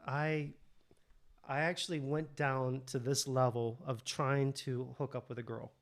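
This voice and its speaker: A man's voice: mid-range voice, level tone, measured pace. A man, a guest, telling a story in a rambling, laughing way with lots of swearing, over a video call. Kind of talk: casual storytelling chat.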